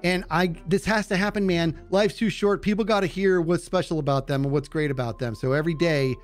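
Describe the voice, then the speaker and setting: A man chatting earnestly during a game, warmly and effusively praising another player. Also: a little high, steady tone, a little fast, faint music behind. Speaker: fellow player. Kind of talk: casual chat.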